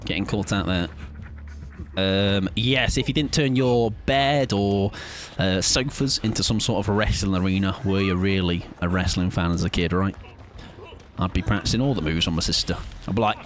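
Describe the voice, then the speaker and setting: A man's voice: low-pitched, moderate pace, a little hiss or hum. A British man streaming a game live, rambling and joking with his viewers in casual chat. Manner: rambling, jokey, chats with viewers.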